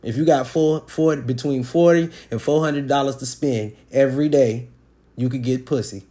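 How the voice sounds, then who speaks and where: A man talks through his dating advice in a loose, blunt monologue. He is profane and streetwise and leans on sports comparisons. His pitch sits in the middle for a man. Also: normal speed. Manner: blunt and animated, with sports analogies and acted-out quotes. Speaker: podcast host giving relationship advice. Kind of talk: casual monologue.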